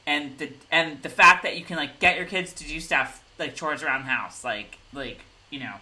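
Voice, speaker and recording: A woman co-hosting a casual recap chat, bubbly and gushing with quick asides. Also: deep voice, pushed and bright, rough recording. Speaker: podcast co-host.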